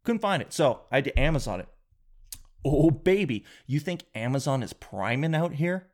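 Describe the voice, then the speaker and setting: A man hosting his own podcast, telling a rambling comic story in an animated, jokey way. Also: on the high side, normal speed. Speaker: podcast host. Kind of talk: comedic podcast monologue.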